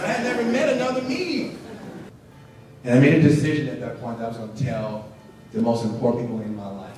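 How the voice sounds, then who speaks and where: A man's voice: medium pitch, darkish tone, slight background noise. A man giving an earnest personal story to an audience, acting out the dialogue as he goes. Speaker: speaker at a symposium. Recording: echoey hall, voice from far off.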